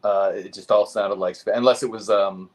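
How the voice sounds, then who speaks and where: A man talking in a casual, thoughtful way, with a fairly low voice. He hesitates often and fills the gaps with ums and uhs. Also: steady tone, normal speed. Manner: thoughtful, hesitant, many fillers. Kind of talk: casual chat.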